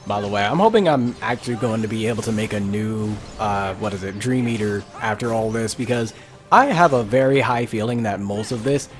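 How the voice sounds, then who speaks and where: A man's voice: fairly low pitch, a little fast. Guy doing a lets play, rambly and kinda frustrated, lots of likes and uhs, faint game music behind. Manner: rambling, frustrated, many filler words. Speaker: let's play YouTuber. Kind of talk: casual gameplay commentary.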